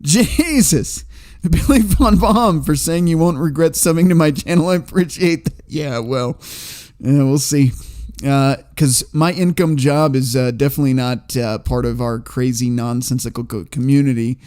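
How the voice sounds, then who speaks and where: A man's voice: medium pitch, moderate pace, a little mellow. A man hosting a livestream, reading chat comments aloud in a rambling, profane way and laughing often.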